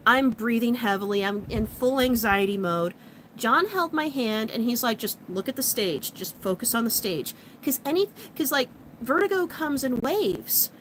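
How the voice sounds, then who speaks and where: A woman vlogger chatting casually and animatedly, retelling a story with lots of fillers and quick laughs. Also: sits high, a bit bright, a little hiss or hum, poor audio.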